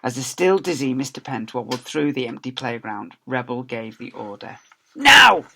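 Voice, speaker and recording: A male teacher reading a children's story aloud in a lively, expressive way. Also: mid-range voice, normal speed.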